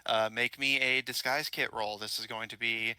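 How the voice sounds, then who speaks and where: A man's voice: medium pitch, fairly even intonation, moderate pace, sharp tone, low-quality recording. A man running an online tabletop game as game master, chatty and laughing between lines, full of uhs.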